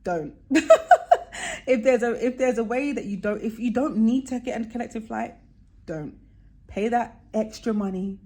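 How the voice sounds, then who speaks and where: A young woman tells a travel story in a casual vlog, imitating the people she quotes with big leaps in pitch. She talks at a normal pace with a warm tone.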